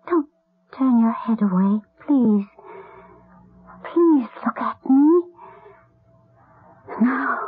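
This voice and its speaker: A woman's voice: sits high, a little hiss or hum. A tearful tender lady. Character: tender grieving lady of the house. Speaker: Lady Emily. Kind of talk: 1970s radio drama acting. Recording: tinny lo-fi old radio broadcast.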